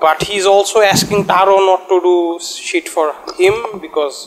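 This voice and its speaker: Fast-talking man. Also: sits high, fairly even intonation, a bit bright, low-quality recording. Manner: switches between English and Bengali, halting with fillers. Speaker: podcast co-host. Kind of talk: casual discussion.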